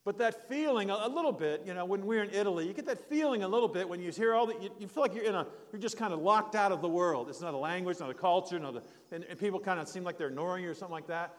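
A man's voice: high voice, racing, few pauses, in a large hall. An older man preaching a sermon in a folksy, rambling storytelling way, with restarts and asides. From United States.

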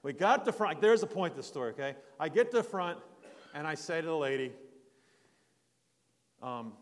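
A man's voice: a little high, lively intonation, normal speed, big-room sound. An older man preaching a sermon in a folksy, rambling storytelling way, with restarts and asides. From United States.

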